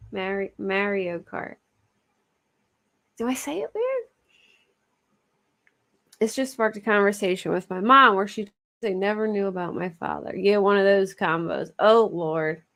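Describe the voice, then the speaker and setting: Speaking unhurriedly and pausing often, she has an expressive, mid-range, fairly bright voice. A true crime livestream host from the sound of her Philadelphia accent, she chats casually with viewers, laughs often and frets over her pronunciation.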